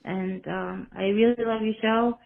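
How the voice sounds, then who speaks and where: A woman's voice: medium pitch, fairly even intonation, unhurried, creaky. A woman leaving a polite, earnest voicemail question for a podcast, a little rambling. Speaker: caller. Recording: tinny phone line voicemail.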